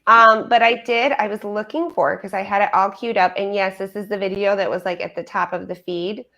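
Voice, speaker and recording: Woman, host, gravelly voice, chatty, playful, casual livestream chat. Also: mid-range voice, steady tone, fairly quick, pushed and bright. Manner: chatty, laughs often, playful.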